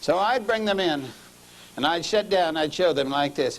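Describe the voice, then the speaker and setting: A middle-aged man preaching a sermon, telling a story and dropping to low murmurs before raising his voice for emphasis. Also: lively intonation, normal speed, vocal fry, slight background noise, low-quality recording.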